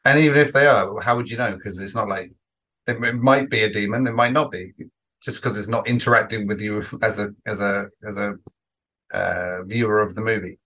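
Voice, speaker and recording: A man's voice: fairly low pitch, fairly quick, pushed and bright. A man co-hosting a casual podcast chat, rambling with frequent restarts and some swearing. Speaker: podcast co-host.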